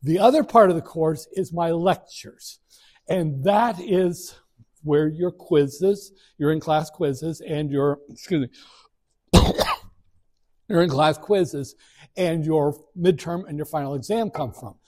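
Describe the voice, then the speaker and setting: A middle-aged man lecturing in a classroom, frank and rambling, circling back with fillers and restarts. His voice sits a little high for a man, with a dark, mellow tone. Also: slow. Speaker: college finance instructor. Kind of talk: first-day classroom lecture.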